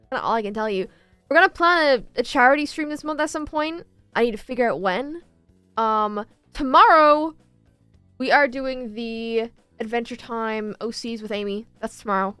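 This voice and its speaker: Brief: lively young female streamer, high-ish smooth voice, faint music behind. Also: no room sound. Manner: bubbly, chatty, playful. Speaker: streamer and artist. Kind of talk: casual stream chat.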